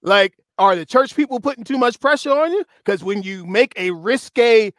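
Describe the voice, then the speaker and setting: A man hosting a casual talk show with a notably high-pitched voice. He is lively and laughs often, and stretches quoted phrases slowly for effect. The sound is close and dry. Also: no echo. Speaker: host. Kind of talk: casual discussion chat.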